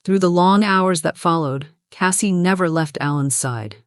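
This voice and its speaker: A narrator reading a romance story in an even, steady way. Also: mid-range voice, normal speed, dry recording, clean studio sound.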